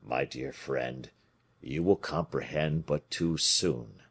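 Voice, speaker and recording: A man reading an audiobook voices a scheming bishop who speaks in a bland, measured, quiet way. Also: low voice, big pitch swings, breathy edge, heavily acted. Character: calm, scheming male bishop, Aramis.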